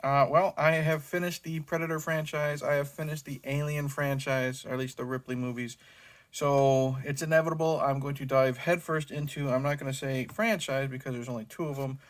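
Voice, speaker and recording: A man's voice: mid-range voice, steady tone, moderate pace. Rambling casual man reviewing a movie. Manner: rambling, many fillers and self-corrections. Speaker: movie review channel host.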